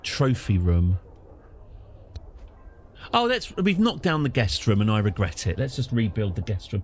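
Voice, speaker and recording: A middle-aged man chats through a live game stream in a wry, self-deprecating way, dropping in plenty of fillers. His pitch jumps about a lot as he talks, which gives his commentary a lively, animated feel. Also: unhurried, slight background noise. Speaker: streamer, host of the channel. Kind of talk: casual live-stream commentary while playing a strategy game.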